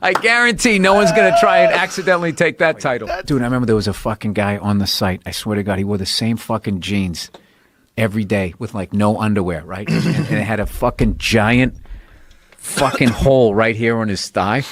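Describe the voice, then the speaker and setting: A man's voice: fairly low pitch, brisk, fairly bright tone, no echo. A man chatting casually, telling profane stories and laughing through them. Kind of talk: casual chat.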